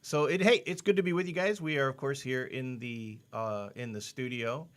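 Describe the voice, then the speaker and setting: A man's voice: medium pitch, fairly even intonation, moderate pace, fairly bright tone. Guy cohosting a livestream in a studio, cracking jokes, reading comments. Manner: jokey, reads out viewer comments. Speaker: livestream co-host. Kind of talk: casual livestream chat.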